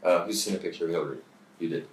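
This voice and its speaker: A very deep-voiced man coaching a bootcamp group in a loose, chatty way, often checking in with them. He sounds far from the mic in an echoey room. Faint background noise sits under him. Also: racing. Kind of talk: teaching a bootcamp session.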